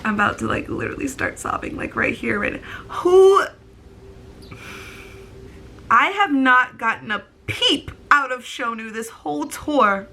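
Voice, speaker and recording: Bright-voiced young woman on the verge of tears. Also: fairly high pitch, lively intonation, a little slow, a little hiss or hum. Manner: filler-heavy, rambling, tearful. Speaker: vlogger. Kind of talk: casual storytelling to camera.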